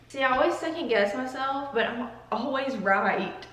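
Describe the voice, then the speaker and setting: A woman's voice: a little high, lively intonation, normal speed, a bit bright, recorded from a distance. Chatty young woman in a roomy room. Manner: chatty, joking, drifts into tangents. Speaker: YouTuber. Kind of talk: casual coffee tasting vlog.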